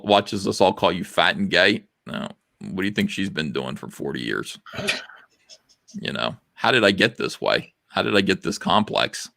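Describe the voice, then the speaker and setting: A man's voice: sits low, vocal fry, fairly bright tone, no room sound, studio quality. A man hosting a casual livestream talk show, rambling through crude, self-mocking stories. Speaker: podcast host.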